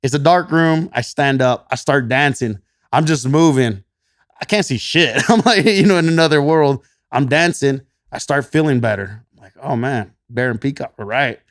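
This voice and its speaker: A man with a Texan twang, a medium-pitched voice, and a normal speaking speed tells a casual story as a podcast guest. He works as a gym coach and laughs often, swears, and quotes himself with animated voices, in clean studio sound without room sound.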